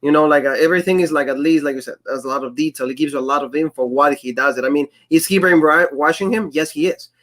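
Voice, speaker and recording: Laughing, excitable man co-hosting a review. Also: fairly high pitch, fast talker, few pauses. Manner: enthusiastic, laughs often, acts out quotes. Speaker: wrestling show co-host. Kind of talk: casual podcast chat.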